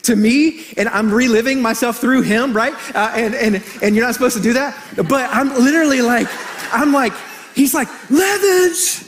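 A middle-aged man preaching a sermon as pastor, animated and storytelling, joking with the congregation. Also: very high voice, moderate pace, slight background noise.

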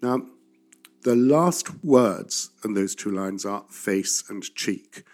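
A man with a low, mellow voice talks through how actors should speak verse. He sounds reflective. He gets emphatic when he gives advice. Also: expressive, slow. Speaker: voice and verse coach. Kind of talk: expert explaining in a conversation.

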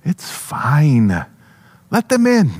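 A man voicing a kind young mother in a sermon, soft and welcoming. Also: a little high, huge pitch swings, very slow, breathy edge, long reverb tail, heavily acted.

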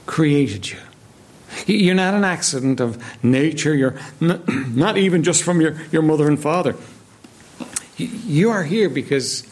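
A man's voice: fairly high pitch, creaky. A man preaching a sermon in a church, reading scripture aloud and then explaining it with emphatic repetition. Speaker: pastor.

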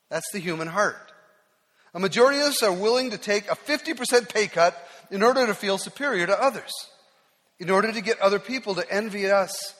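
A man's voice: high voice, fairly bright tone, in a large hall. A male pastor preaching a sermon, telling self-deprecating stories in a conversational way with small restarts.

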